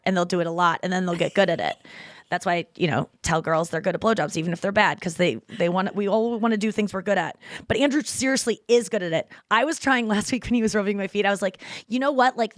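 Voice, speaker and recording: A woman hosting a podcast in casual chat, telling stories with lively acted-out voices. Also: mid-range voice, dry recording, clean studio sound. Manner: animated storytelling, acts out voices. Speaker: podcast host.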